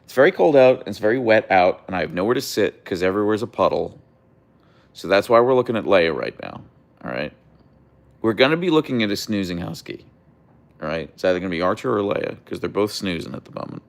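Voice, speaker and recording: A young man livestreams casually from an outdoor deck, chatting with viewers, reading out their comments, and cooing at his dogs in a high voice. His voice is creaky and expressive, and he talks at a quick pace.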